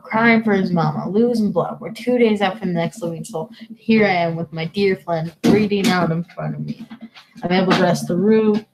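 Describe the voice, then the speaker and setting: A woman reading the lines of a gruff, hardened middle-aged male army veteran in a game, telling a grim story slowly. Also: fairly low pitch, noisy background, close to an everyday voice.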